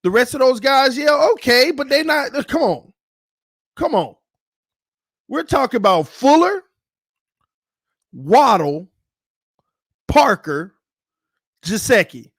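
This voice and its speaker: Hyped man with a high, dry voice. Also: big pitch swings, slow pace, long pauses, dry recording. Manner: hyped, repetitive, swings from low muttering to shouting. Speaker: sports channel host. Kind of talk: fan commentary on football.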